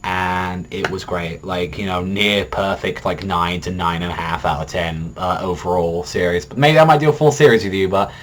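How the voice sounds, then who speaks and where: A man's voice: low-pitched, fairly even intonation, normal speed, few pauses, noisy background. A young man reviewing an anime episode in a casual, rambling way, swearing often and filling gaps with "like" and "you know". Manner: rambling, heavy swearing and filler words.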